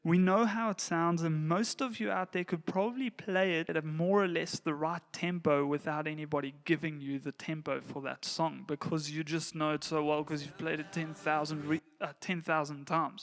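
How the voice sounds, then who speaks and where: A man giving a relaxed, plain-spoken lesson to church volunteer musicians, now and then counting beats aloud. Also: on the high side, normal speed. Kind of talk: casual instructional talk.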